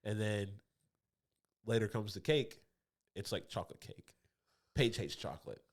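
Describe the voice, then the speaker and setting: A man's voice: on the low side, expressive, measured pace. A man co-hosting a comedy podcast, telling a rambling story with frequent laughs and restarts. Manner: rambling, laughs often, acts out others' voices. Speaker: podcast co-host. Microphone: podcast studio mic.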